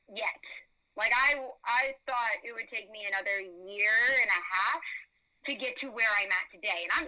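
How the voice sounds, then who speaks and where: A young woman guest on a podcast, telling a story in casual chat, animated and profane, acting out the dialogue she quotes. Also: medium pitch, poor audio.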